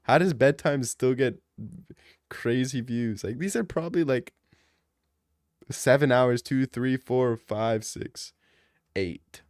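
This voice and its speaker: A man's voice: mid-range voice, animated, takes it slowly, long pauses, a little mellow, no room sound, clean studio sound. A young man ranting jokily in a mocking comedic style, full of slang. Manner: slangy, jokey, slips into mock street talk.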